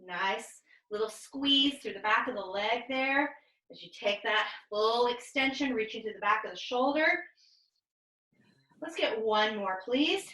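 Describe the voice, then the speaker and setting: A woman leading a pilates class over a video call, giving calm step-by-step cues and counting reps. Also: fairly high pitch, a little slow, reverberant, low-quality recording. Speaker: pilates instructor. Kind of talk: guided exercise class cues.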